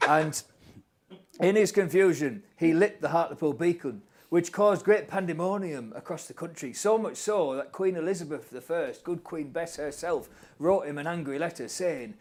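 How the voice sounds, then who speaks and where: A man co-hosting a comic show, telling a tall tale in a mock-solemn, deadpan way with drawn-out punchlines. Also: medium pitch. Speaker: co-host of a comic online show.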